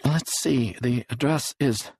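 A man reading an audiobook, voicing an odd, clinical man who talks in smooth, jargon-laden phrases. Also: medium pitch, slow, a little mellow, no echo, pitched above the performer's own voice.

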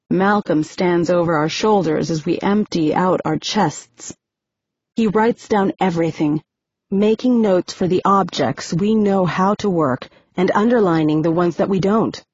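A woman narrating a novel in the first person, steady and measured, on a dry, muffled recording. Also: mid-range voice, husky, dry recording. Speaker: audiobook narrator.

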